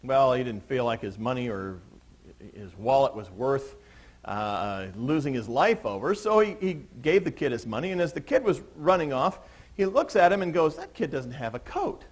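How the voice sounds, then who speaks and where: A man's voice: medium pitch, animated, moderate pace. A male pastor giving a sermon in a church, telling a story with laughs and acting out the people in it.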